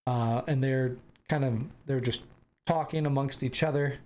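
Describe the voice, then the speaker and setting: A man's voice: mid-range voice, fairly even intonation, moderate pace, a little mellow. A young American man hosting a podcast, telling a travel story casually with rambling restarts and bursts of laughter. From United States. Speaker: podcast host.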